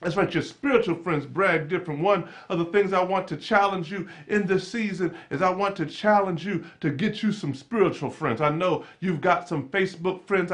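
A man with a high voice preaching to a congregation. He repeats his phrases in a steady preaching rhythm and rises to loud shouts as he builds. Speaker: pastor. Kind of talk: sermon.

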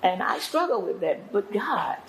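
A woman's voice: medium pitch, big pitch swings, unhurried, a little hiss or hum, poor audio. An older woman, a guest apostle and pastor, telling her testimony in an interview in an earnest, preacherly way.

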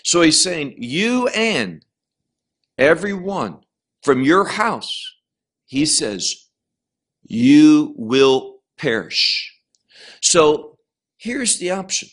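Slow, animated man teaching the Bible. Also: a little high. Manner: emphatic, stresses key words slowly; restarts and repeats words as he explains. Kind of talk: Bible lecture.

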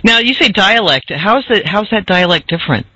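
A woman's voice: medium pitch, expressive, normal speed, no echo. A woman interviewer asking curious questions and sharing family memories in a casual chat. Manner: warm, curious questions, laughs often. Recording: dull lo-fi dry recording.

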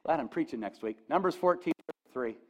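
A male pastor preaching a sermon, animated and folksy, with asides to the congregation, and rising to near-shouts on quoted lines. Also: on the high side, fast talker. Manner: folksy asides, addresses audience with "okay?".

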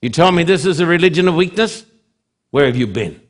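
A man preaching a sermon, swinging from loud emphasis to hushed drops, with slow, deliberate, repetitive phrasing. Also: on the high side, lively intonation.

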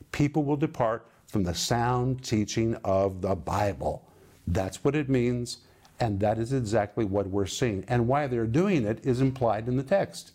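A man teaching from the Bible in an emphatic, deliberate way. His voice sits at an ordinary middle pitch. He stresses key words as he explains the meaning of Greek terms. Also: darkish tone.

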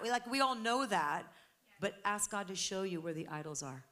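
A woman's voice: mid-range voice, brisk, sharp tone. Woman preaching with emphatic fervor. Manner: preaching with rising, emphatic intensity. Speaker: pastor. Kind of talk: sermon.

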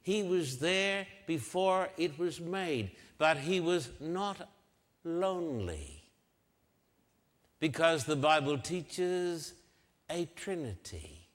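An older man delivers a sermon at a deliberate, unhurried pace, his voice sitting a little high. He leans on key phrases and repeats them for emphasis. His words ring out with the long reverb of a large hall. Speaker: preacher.

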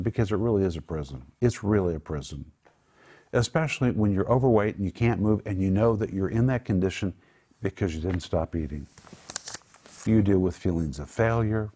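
A man's voice: lowish voice, warm tone. A man teaching from the Bible on a Christian talk show, earnest and emphatic, praying aloud for viewers.

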